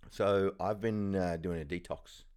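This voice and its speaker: A man's voice: sits low, steady tone, measured pace, a little mellow, smooth. A man co-hosting a podcast, telling a self-deprecating story in casual chat and laughing often. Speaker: podcast co-host.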